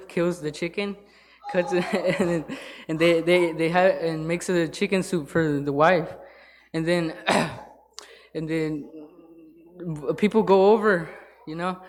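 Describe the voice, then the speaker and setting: A man speaking from the pulpit in an informal sermon. He halts often, filling gaps with fillers and starting sentences over. His voice sits slightly high for a man. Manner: halting, with many fillers and restarts. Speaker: lay church speaker. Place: church sanctuary.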